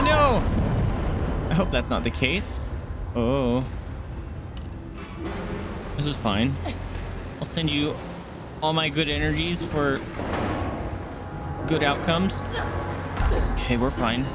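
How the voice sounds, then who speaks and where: A man hosting a let's play, commenting on a horror game with sarcasm and frequent swearing. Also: fairly high pitch. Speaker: gaming channel host.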